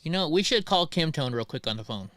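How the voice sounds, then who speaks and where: A man hosting a casual livestream chat, telling animated stories and acting out both sides of his conversations. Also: on the high side, quick pace, no echo. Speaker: livestream host.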